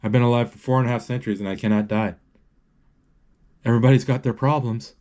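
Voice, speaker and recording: A man reading the lines of a weary, centuries-old immortal swordsman in a flat voice that stays close to his own. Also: medium pitch, fast talker, natural voice.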